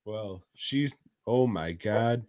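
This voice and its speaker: Brief: male podcast co-host, crude and rambling, unhurried, dry close sound. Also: on the low side, a little mellow, dry recording. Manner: crude, rambling recaps with laughs. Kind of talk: casual podcast chat.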